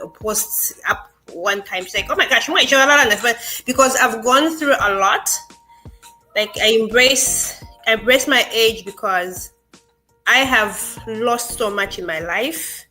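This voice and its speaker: Bright-voiced reflective woman in her forties. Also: fairly high pitch, soft background music, poor audio. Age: 40s. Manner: reflective, grateful, halting with restarts. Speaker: guest. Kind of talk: casual chat.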